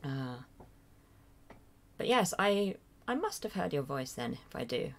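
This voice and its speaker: A woman's voice: low-pitched, sing-song, measured pace, creaky, slight background noise. An English woman hosting a casual livestream, reading viewer comments and answering in a rambling, hesitant, self-deprecating way, full of fillers and small chuckles, at her computer at home. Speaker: livestream host. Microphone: desk mic near a loud keyboard.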